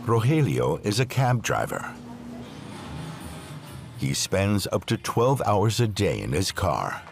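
A man reading scripted documentary narration in a measured, expressive way. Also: fairly low pitch. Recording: narration over clear music.

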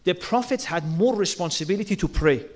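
A man with a strikingly high voice delivers a sermon to his listeners. He speaks earnestly, asks rhetorical questions and slips into acted-out quotes to make each point. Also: expressive, brisk. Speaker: religious speaker.

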